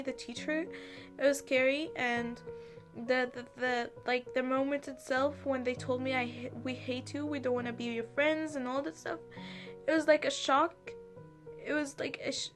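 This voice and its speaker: Young woman, high voice, upset and halting, storytime vlog, faint music underneath. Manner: halting, many fillers and restarts, anxious. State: upset, on the verge of tears. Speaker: vlogger. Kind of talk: emotional storytime monologue.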